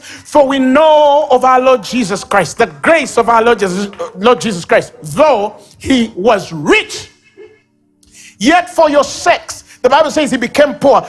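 Preaching at a church service in a very high-pitched voice, a Ugandan-accented man delivers an animated sermon, mimicking sobs and baby babble and shouting out key lines.

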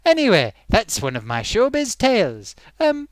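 Comic film reviewer, scornful, rambling asides, animated swooping pitch, dry close sound. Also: normal speed, no room sound. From Britain.

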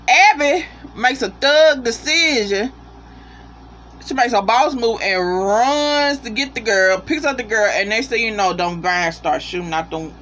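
An animated, foul-mouthed reviewer recaps a TV episode in a loose, casual way. The voice sits at a middle pitch. They keep talking straight to the viewers as they go. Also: a little hiss or hum.

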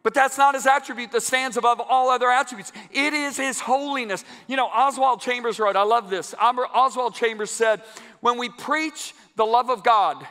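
Guy preaching a sermon, high bright voice, punches words hard, echoey big church. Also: normal speed. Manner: emphatic, builds to loud climaxes, talks to the congregation. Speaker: guest preacher. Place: large church sanctuary. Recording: long church hall reverb.

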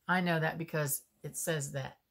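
A woman's voice: low voice, fairly even intonation, creaky, fairly bright tone. A woman, chatting casually as she unboxes homemade soap and muses aloud. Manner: slow, chatty, musing aloud.

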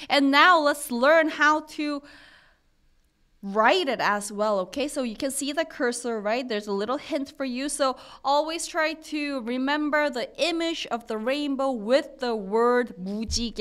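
A woman's voice: high-pitched, moderate pace, a bit bright, smooth. Upbeat woman teaching a livestream class. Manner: encouraging, chatty, reads viewer comments aloud. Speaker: Korean language teacher. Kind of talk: live-streamed language lesson.

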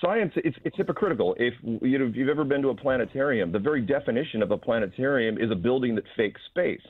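A man calling in as a radio guest, laying out his points one by one in a brisk, argumentative way. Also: mid-range voice, animated, slightly rough, no echo. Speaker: phone-in guest. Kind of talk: phone interview. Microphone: phone. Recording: tinny phone line.

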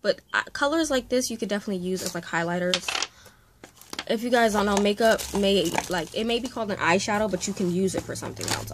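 A young woman, a makeup artist, chatting through a casual unboxing vlog, gushing and often dropping into breathy whispered exclamations. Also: medium pitch, expressive, brisk, background noise.

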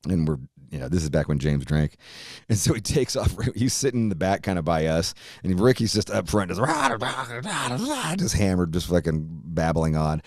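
A man's voice: low-pitched, fairly quick, darkish tone, no echo. A middle-aged man from Virginia, a podcast guest telling a story in a rambling, profane way and laughing often. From Virginia, USA. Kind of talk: casual storytelling.

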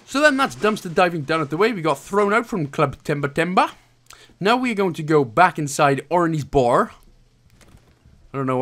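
A man from Wales talks through a video game walkthrough in a loose, casual way. His voice sits a little high and swings up and down with lots of life. He keeps dropping in jokey, self-mocking asides as he rambles along. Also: fairly bright tone.

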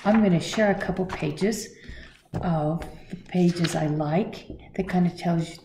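A woman recommending a picture book to children, talking straight to them in an animated way. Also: fairly low pitch, measured pace, reverberant, heavy background noise. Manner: animated, talks straight to kids.

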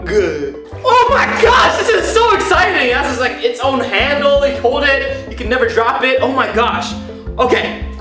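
An excited man hosting an unboxing vlog from his bathtub, shouting and giggling a lot. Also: very high voice, normal speed. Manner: hyper, shouty, giggly, lots of slang. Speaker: vlogger host. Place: in a bathtub at home. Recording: echoey bathroom with background music.

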